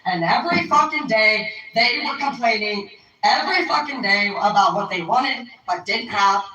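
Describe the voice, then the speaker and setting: A woman's voice: medium pitch, expressive, normal speed, pushed and bright, low-quality recording. A woman livestreaming an unscripted rant, rambling, profane and heated.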